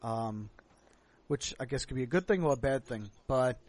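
A man's voice: mid-range voice, lively intonation, normal speed, a little mellow, no room sound. A man from the United States hosting a podcast, tipsy and long-winded, rambling in casual chat. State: tipsy from drinking. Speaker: podcast host.

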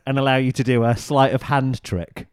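A British man co-hosts a tech podcast with wry, dry humour. His voice sits at an average pitch. It is recorded close and dry, with no room sound. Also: steady tone, fairly quick, clear, resonant tone, dry recording. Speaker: podcast co-host. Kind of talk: casual tech chat.

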